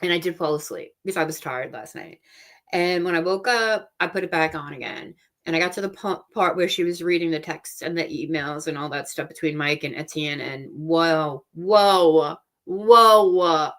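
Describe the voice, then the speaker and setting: A woman's voice: sits low, normal speed, a bit bright. A woman hosting a casual livestream chat from home, talking freely, laughing often and trailing off mid-thought. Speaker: livestream host.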